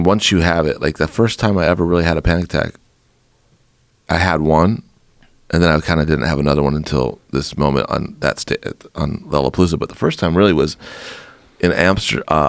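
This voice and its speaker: Deep-voiced male guest, lively anecdote, laughs often, curses freely. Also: brisk, creaky, no room sound. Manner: animated, laughing, swearing, acts out quotes. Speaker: podcast guest, musician. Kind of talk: casual storytelling.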